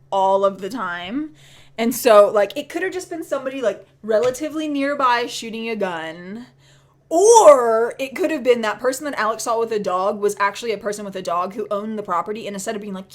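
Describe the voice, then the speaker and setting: A woman telling a spooky story in a chatty, animated way, dropping into whispers for the scary parts. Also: fairly high pitch, moderate pace. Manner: chatty, many fillers of "like". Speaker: vlogger. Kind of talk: casual storytelling.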